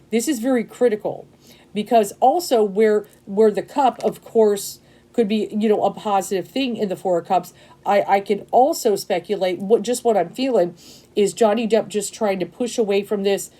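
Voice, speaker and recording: In a mid-range voice, a woman chats her way through an informal tarot reading on camera. She's excitable and emotional, rambles with many fillers, and keeps asking "okay?"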